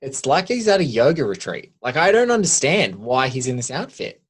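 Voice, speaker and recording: A man co-hosting a film podcast, talking casually and with playful energy. He is from the Virgin Islands and sometimes drops into quiet, low-key asides. His voice sits in the middle range. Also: sing-song, moderate pace, breathy edge. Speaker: podcast co-host.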